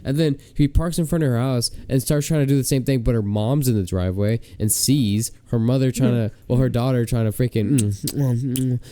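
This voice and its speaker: A man's voice: medium pitch, brisk, few pauses, mellow. Young man rambling with lots of fillers. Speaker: podcast co-host. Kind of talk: casual storytelling.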